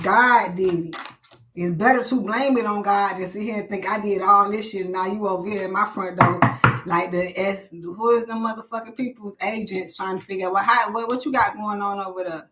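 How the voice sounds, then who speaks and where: Female streamer, blunt and preachy, heavy profanity; bright tone, mid pitch. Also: fairly even intonation, normal speed. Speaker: live stream host. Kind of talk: live stream rant.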